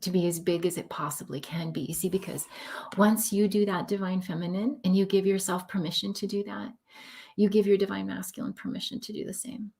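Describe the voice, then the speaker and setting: A woman's voice: lowish voice, vocal fry, a little mellow. A woman giving a live-streamed spiritual tarot reading, talking in an effusive, emotional, affirming way.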